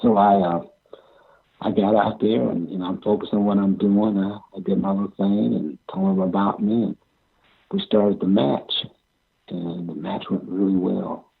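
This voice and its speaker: An older man recounts his wrestling days in a low, gravelly, husky voice. He talks haltingly, circles back on his words and chuckles as he goes. The sound is thin and tinny, like a phone line. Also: fairly even intonation. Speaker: amateur pro wrestler. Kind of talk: interview storytelling.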